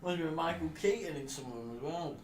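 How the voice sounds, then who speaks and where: A man's voice: a little high, lively intonation, quick pace. A man in casual chat, mostly giving short dry remarks and reactions. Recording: echoey room with faint noise.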